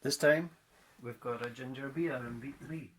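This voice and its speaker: A man's voice: medium pitch, moderate pace. A man from Scotland teaching a guitar rhythm lesson, counting in and chanting rhythm words in time.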